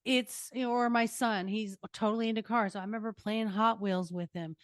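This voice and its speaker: In a relaxed interview chat, an older female podcast host gives earnest, emphatic advice on parenting. She speaks a little fast in a mid-range voice with fairly even intonation, captured dry and clean in a studio.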